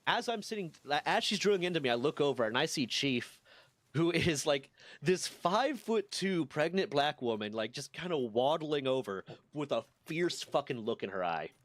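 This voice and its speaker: A man's voice: fairly high pitch, big pitch swings, normal speed, a bit bright, no room sound. A man in his twenties casually telling a rambling, profane story on a stream. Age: 20s.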